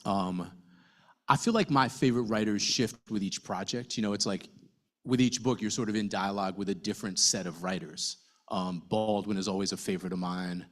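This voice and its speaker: A man, a novelist, talking casually to an audience at a book event, telling his story with lively asides and the odd swear word. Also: on the low side, brisk. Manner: conversational, animated storytelling with fillers and swearing.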